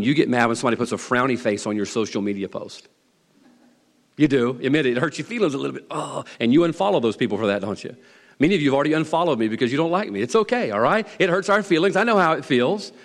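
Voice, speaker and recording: A Southern man preaching with a swooping, animated delivery. He teases the congregation and leans hard on repeated lines. His voice rings out with a long reverb, as from a large hall. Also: medium pitch. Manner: folksy, teasing, emphatic preaching with repeated lines. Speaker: pastor. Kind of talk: sermon.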